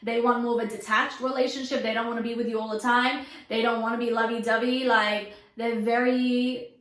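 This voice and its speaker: A woman hosting an astrology video, talking casually to the camera in a chatty, animated way with dramatic asides. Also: a little high, fairly quick. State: out of breath. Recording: echoey room.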